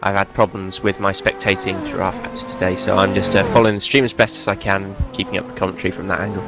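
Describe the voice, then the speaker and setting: A man commentating a sim race live, polite and steady. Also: low-pitched, quick pace, vocal fry, music in the background. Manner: polite, steady, mildly apologetic.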